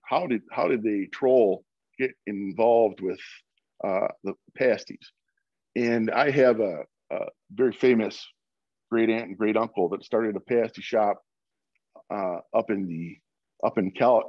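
A man's voice: fairly low pitch, dry recording, dull audio. A man from Michigan giving an informal presentation over a video call, with many fillers and restarts. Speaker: guest speaker.

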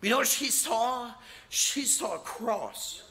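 A man preaching as an evangelist, animated, acting out quotes in his sermon. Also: extremely high pitch, slow.

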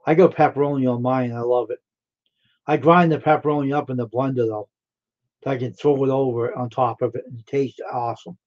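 A man's voice: medium pitch, fairly even intonation, brisk, darkish tone. A man hosting a live stream, chatting casually with viewers in a rambling, friendly way full of fillers and repeats. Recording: dull lo-fi stream audio.

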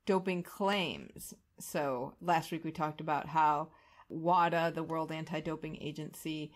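A woman co-hosts a podcast in casual chat. Her voice sits on the low side and she laughs easily as she runs through news items. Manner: chatty, laughs often. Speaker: podcast co-host.

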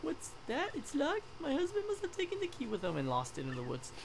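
A woman's voice: high voice, wildly swooping pitch, brisk, gravelly, background noise, pitched above the performer's own voice, heavily acted. A woman voicing a distraught young shopkeeper woman who sobs and quavers as she speaks. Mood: pleading. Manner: tearful, quavering and breathless.

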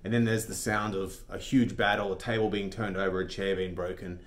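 A man's voice: deep voice, level tone, a little fast. A man vlogging, telling a joke and then giving a blunt, argumentative opinion monologue.

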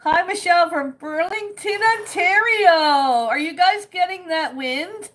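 Woman, cooking livestream host; high voice, unhurried, chatty, laughs often while reading comments. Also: a bit bright, a little hiss or hum. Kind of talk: casual livestream chat reading viewer comments.

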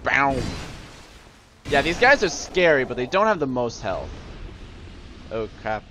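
A man casually commenting on his own gameplay in an excitable way, talking to the enemies and breaking into sudden outbursts. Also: mid-range voice, a little slow, a little hiss or hum. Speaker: let's play host.

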